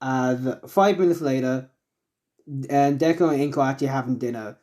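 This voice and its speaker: Rambling mellow male storyteller. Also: mid-range voice, moderate pace. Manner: rambling, many fillers and self-corrections. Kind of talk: improvised fan-fiction narration.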